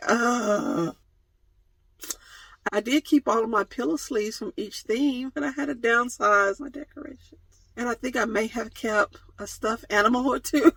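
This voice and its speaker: A woman vlogger chats through viewer questions with a bright, forceful voice, laughing often and hamming up mock-dramatic complaints. She records on a phone camera in a dry, close sound with little room echo. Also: medium pitch, unhurried. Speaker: van life vlogger. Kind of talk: casual Q&A vlog.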